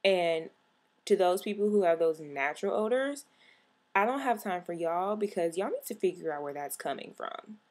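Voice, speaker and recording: A woman's voice: on the low side, lively intonation, normal speed, a little mellow. A young woman vlogger in a sassy, exasperated comic rant to camera, punching out her catchphrase.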